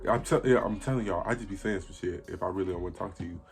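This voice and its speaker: Faint music plays behind a low, creaky male voice talking very fast. He's an eighteen-year-old vlogger casually recounting a story to camera, bluntly and profanely, performing the lines other people spoke.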